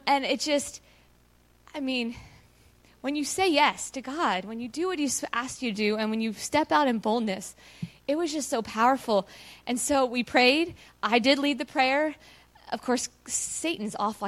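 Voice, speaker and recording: A woman with a fairly high voice tells her church about a mission trip. She talks in an earnest, chatty way with plenty of fillers and acts out the dialogue of her story with animation. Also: a little slow. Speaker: mission team member sharing a testimony. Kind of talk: personal testimony to a church audience.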